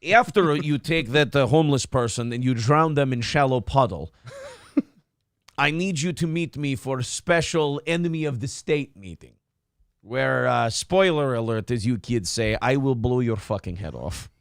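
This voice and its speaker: A man's voice: mid-range voice, normal speed, no echo, studio quality, lightly acted. A man putting on a menacing Russian revolutionary. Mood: mock-polite threat. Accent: mock Russian, drifting Scottish. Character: menacing male Russian revolutionary leader, cold and cruel.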